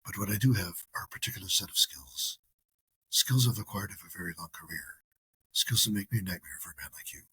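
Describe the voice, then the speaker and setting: A man doing an impression of a middle-aged man threatening a kidnapper over the phone, in a low, hushed, cold voice. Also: quick pace, gravelly, slightly rough, no room sound, full character voice, low-quality recording. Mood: menacing.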